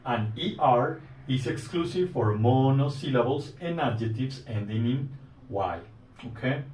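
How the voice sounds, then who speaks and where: A man's voice: mid-range voice, lively intonation, darkish tone. Man teaching grammar in an echoey room. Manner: deliberate, explains step by step with repeated examples. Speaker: English teacher. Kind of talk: recorded grammar lesson. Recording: echoey room, mic at a distance, faint noise.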